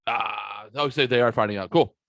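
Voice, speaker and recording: A man in his forties hosting a podcast, telling stories in a rambling, animated, casual way. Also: on the low side, a little fast, gravelly, dry recording, highs cut off. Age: 40s. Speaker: podcast host. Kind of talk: casual podcast chat, storytelling.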